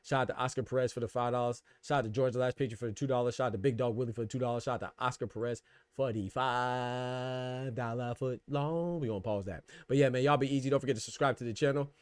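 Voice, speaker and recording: A man hosting a boxing podcast live stream, casual and slangy, trash-talking his chat and laughing loudly. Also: medium pitch, fairly even intonation, fast talker, clear, resonant tone, no echo.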